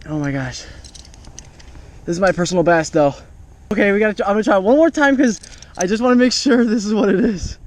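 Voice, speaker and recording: A man's voice: high voice, a little fast, pauses often. A man giving enthusiastic, exclaiming running commentary as a fishing vlogger, recorded outdoors on the water on an action camera.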